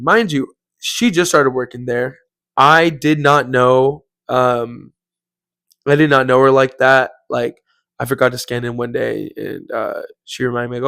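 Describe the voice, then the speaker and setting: A man's voice: on the high side, fairly bright tone, dry recording. A young man hosting a podcast, telling a story casually and rambling, with lots of "like" and "bro". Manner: rambling, heavy use of "like" and "bro". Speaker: podcast host.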